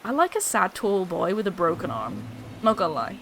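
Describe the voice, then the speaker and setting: A woman's voice: on the low side, very animated, fairly quick, fairly bright tone, a little hiss or hum. A woman chatting casually on a game stream on an old desktop mic, bubbly, laughing often and swearing freely. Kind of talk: casual gaming stream chat. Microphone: old desktop microphone.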